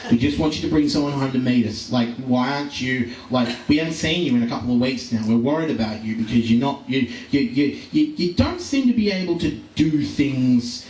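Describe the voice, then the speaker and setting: A man's voice: mid-range voice, animated, fairly quick, hardly any pauses, a little mellow, lightly acted. A man putting on a fretting mother. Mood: fretful. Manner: earnest, fretting, advice-giving. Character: worried, nagging middle-aged mother. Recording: roomy live venue recording from far off.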